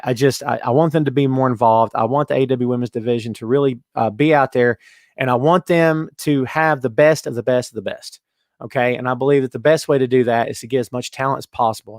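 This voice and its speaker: A man's voice: mid-range voice, no echo, studio quality. A man hosting a wrestling podcast, ranting emphatically and repeating himself, then answering chat questions casually. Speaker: podcast host.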